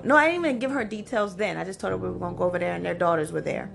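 A woman in her forties hosting a podcast, telling a personal story in a chatty, animated way full of "like" and "you know". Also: lowish voice, rapid-fire, creaky, few pauses. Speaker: podcast host. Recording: music playing underneath. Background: background music.

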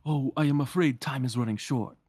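A man's voice: medium pitch, brisk, a little mellow, breathy edge, no echo, clean studio sound, pitched above the performer's own voice, natural voice. A man doing a courtly candlestick servant. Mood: solemn.

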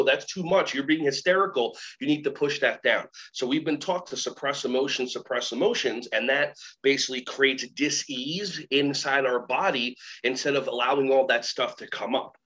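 A man talking as a guest trainer, telling animated stories and acting out the voices of kids and teachers. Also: mid-range voice. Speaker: guest, workshop trainer and keynote speaker. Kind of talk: storytelling interview talk. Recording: slightly muffled recording.

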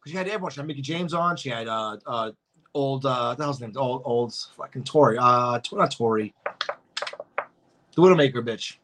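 A young man co-hosting a casual podcast, swearing freely and joking through quick banter. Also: mid-range voice, fairly bright tone. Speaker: podcast co-host. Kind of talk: casual wrestling chat.

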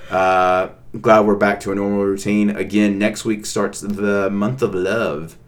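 Animated ranting young man. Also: on the low side, measured pace. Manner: playful ranting, animated outbursts. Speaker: podcast co-host. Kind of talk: casual chat.

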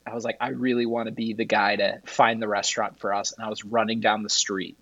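A man's voice: fairly low pitch, level tone, fast, a bit bright, no echo, muffled recording. A man telling rambling stories in a casual podcast chat as a guest, laughing at his own tales.

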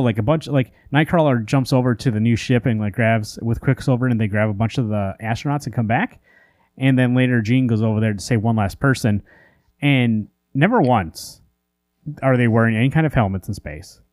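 A man's voice: mid-range voice, darkish tone, dry recording, clean studio sound. A man co-hosting a podcast in casual chat, rambling with lots of fillers and restarts while he rants in exasperation. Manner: exasperated ranting. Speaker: comic book podcast co-host.

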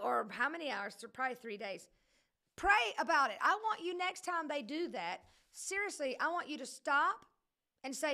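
A woman's voice: sits high, pushed and bright. A woman leading a casual livestream Bible study, preaching in a chatty, joking way that keeps wandering off into digressions.

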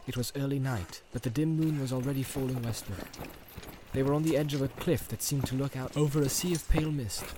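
A man reading an audiobook in steady storytelling narration. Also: mid-range voice, brisk. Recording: background noise.

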